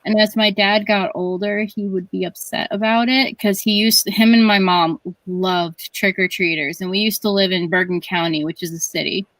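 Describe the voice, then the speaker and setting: A woman's voice: medium pitch, steady tone, moderate pace, few pauses, fairly bright tone, no echo, low-quality recording. A woman co-hosting a stream, telling stories in a rambling, chatty way with many restarts. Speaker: stream co-host. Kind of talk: casual storytelling chat.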